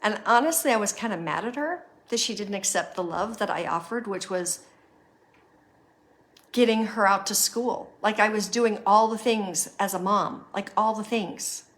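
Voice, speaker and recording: A woman's voice: mid-range voice, normal speed, a bit bright. A middle-aged woman hosting a podcast, earnestly guiding listeners through reflection and telling a personal story. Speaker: podcast host.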